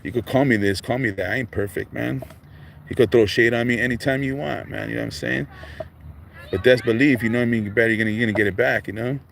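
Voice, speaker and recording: A man's voice: mid-range voice, steady tone, fast talker, creaky, fairly bright tone. A middle-aged man, talking casually on a livestream in street slang and filling his lines with man and dog. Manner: laid-back street slang, constant fillers like man and dog. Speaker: livestream host. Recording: faint background noise.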